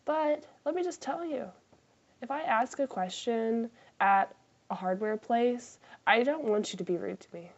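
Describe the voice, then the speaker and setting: A woman's voice: on the high side, a little slow, highs cut off. A woman chatting casually in a craft vlog, self-deprecating and swearing freely, sometimes dropping to a whisper. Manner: drops into whispers for asides. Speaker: craft vlogger.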